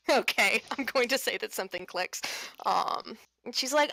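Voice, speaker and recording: Casual, bright-voiced woman player. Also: a little high, lively intonation, moderate pace, no echo. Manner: casual, hesitant, laughing easily. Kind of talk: tabletop role-play chat.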